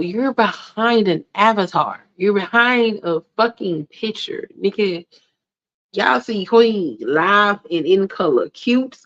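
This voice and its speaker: A livestream host with a lowish, gravelly voice rants casually and bluntly to her live chat, cursing freely and growing indignant at points. The audio has a dull, lo-fi stream quality.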